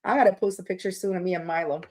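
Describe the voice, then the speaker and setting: A woman's voice: lowish voice, steady tone, racing, a little mellow. A woman hosting a tarot livestream, chatting casually with viewers in a rambling, candid way, swearing now and then.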